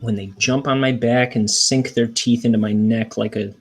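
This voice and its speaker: A man's voice: medium pitch, fairly even intonation, moderate pace, a little hiss or hum, poor audio. A young man chatting casually on a livestream, rambling and self-deprecating, with hesitant restarts. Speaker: cartoonist streamer.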